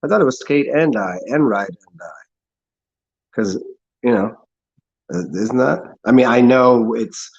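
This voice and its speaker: A man's voice: measured pace, vocal fry, pauses often, darkish tone, dull audio. A man hosting a casual livestream, rambling sarcastically and swearing as he mocks others. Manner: sarcastic, mocks people in high put-on voices, swears. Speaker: livestream host.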